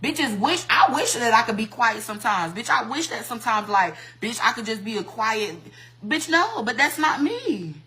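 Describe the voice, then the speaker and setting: A woman who works as a hairstylist, ranting bluntly and loudly into her phone on a livestream, full of profanity and combative. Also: on the high side, very animated, moderate pace. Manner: profane, blunt and combative, talks loud on purpose. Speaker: hairstylist and social media creator. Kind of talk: heated livestream rant. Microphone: phone mic.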